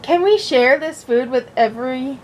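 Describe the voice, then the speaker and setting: A woman's voice: sits high, moderate pace, a little mellow, a little hiss or hum, close to an everyday voice. A woman reading a storybook aloud and voicing an eager young male rabbit with a slightly Southern US accent. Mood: delighted.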